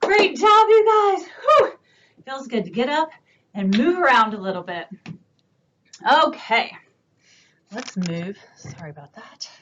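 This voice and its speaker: A woman librarian leading a virtual children's storytime, reading slowly and asking the kids gentle questions, recorded on a camera in a library room. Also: mid-range voice, lively intonation. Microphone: camera on a stand. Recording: dull lo-fi camera audio, faint room hiss.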